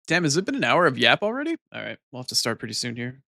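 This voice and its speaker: A man's voice: mid-range voice, huge pitch swings, very fast, vocal fry, pushed and bright, no echo, clean studio sound. A man streaming live, bantering with his chat casually, teasing and swearing freely.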